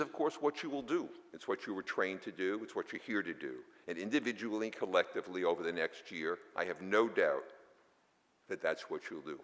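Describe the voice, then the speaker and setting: A man giving a formal ceremony speech as a foundation board chair, with wry asides and halting restarts. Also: low-pitched, fairly bright tone. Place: large auditorium. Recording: long reverb of a large hall.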